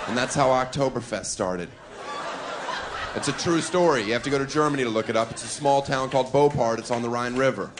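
A man doing a live stand-up routine on a comedy club stage, cheeky, with deadpan asides and chuckles at his own jokes. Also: medium pitch, fairly quick, noisy background.

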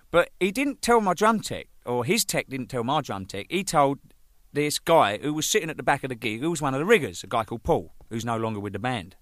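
Rambling drummer spinning stories. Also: male voice, medium pitch, dry recording, clean studio sound. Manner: rambling, swearing, laughing, acting out shouted quotes. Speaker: band drummer telling stories. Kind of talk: casual storytelling monologue.

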